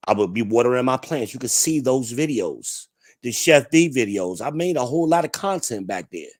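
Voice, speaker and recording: A man's voice: medium pitch, lively intonation, moderate pace. Blunt, profane man ranting live. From New Jersey. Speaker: livestream host. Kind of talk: ranting live-chat commentary.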